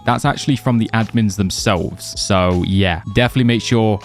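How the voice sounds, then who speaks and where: Chatty young man with a lowish voice. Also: moderate pace, hardly any pauses, faint music behind. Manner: chatty, loose, many fillers like "like" and "you know". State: slightly losing his voice. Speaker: gaming video creator. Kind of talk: casual gameplay guide commentary.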